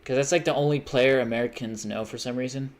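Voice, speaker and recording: Chatting casually on a gaming live stream, a man with a medium-pitched voice talks fairly quickly and keeps his intonation mostly even. He rambles, pokes fun at himself, and chants goofy repeated sounds.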